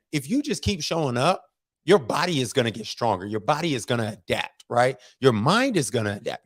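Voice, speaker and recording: A man's voice: medium pitch, no echo, clean studio sound. A man hosting a motivational livestream, telling stories in a casual, slangy way and often asking "right?". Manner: animated, storytelling, keeps asking "right?".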